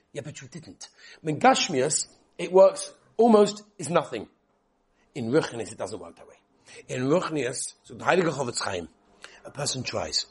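A man giving a lively Torah lesson, telling stories and addressing his listeners directly. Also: fairly high pitch, normal speed, slightly rough. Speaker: Torah teacher.

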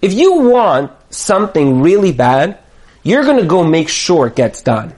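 Rabbi type, male, high voice, animated class lecture, Yiddish words here and there. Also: a little slow. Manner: lively, acts out quoted voices, emphatic repetition; Hebrew and Yiddish words sprinkled in. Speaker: rabbi teaching a Torah class.

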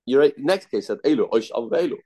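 A man's voice: mid-range voice, lively intonation, fast, dark tone. Repetitive man thinking aloud over Talmud. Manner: repetitive, thinking aloud, mixing Aramaic terms into English. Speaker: Talmud teacher. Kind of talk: Talmud study lesson.

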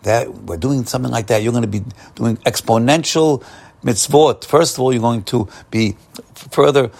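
A man's voice: medium pitch, moderate pace, vocal fry, darkish tone. A man giving an upbeat, encouraging morning Torah talk, often repeating and restarting his phrases. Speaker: Torah teacher.

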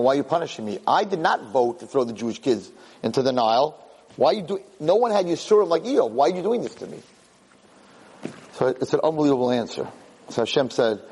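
A middle-aged man giving an impassioned Torah talk, telling stories and acting out quotes in a husky voice. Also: mid-range voice, a little mellow, long reverb tail, poor audio. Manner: storytelling, acts out quotes, impassioned. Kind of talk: animated Torah class.

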